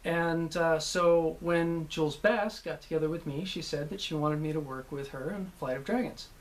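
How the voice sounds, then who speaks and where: A man, a voice actor, casually recalling his work, rambling with many pauses and restarts. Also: fairly high pitch. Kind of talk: casual anecdotal talk.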